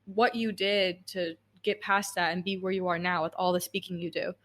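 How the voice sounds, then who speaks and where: Speaking at normal speed with a fairly low pitch and fairly even intonation, a young woman hosts a casual podcast interview. She chats warmly at length, letting her storytelling wander into side tangents.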